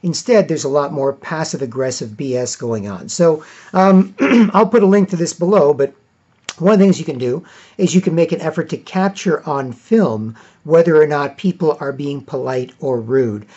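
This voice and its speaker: A Canadian man rambling in a casual monologue to camera, often clearing his throat and repeating himself. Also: on the high side, lively intonation, moderate pace, a little mellow, dull audio. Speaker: video blogger.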